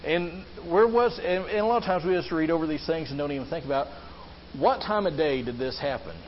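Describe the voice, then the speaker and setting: A man's voice: fairly high pitch, lively intonation, a little fast. A man preaching a sermon as a pastor, earnest, often asking the listeners questions. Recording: slightly dull lo-fi sound with faint background hiss.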